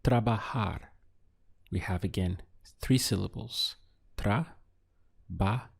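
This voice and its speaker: A man teaching a Spanish lesson, patient and clear, repeating and spelling words slowly. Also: fairly low pitch, warm tone. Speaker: Spanish tutor. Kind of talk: slow, clear language lesson.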